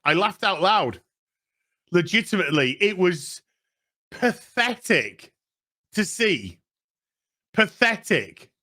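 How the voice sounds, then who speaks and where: A man's voice: sits high, lively intonation, measured pace, pushed and bright. A man with a Yorkshire accent hosting a TV review, recapping an episode in a sarcastic, profane rant and putting on mocking voices for the characters. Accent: Yorkshire English. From England. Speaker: TV review host.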